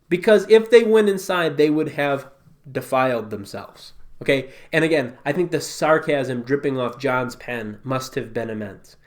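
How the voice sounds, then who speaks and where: A man giving a casual, conversational Bible teaching, emphatic and full of rhetorical asides. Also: fairly high pitch.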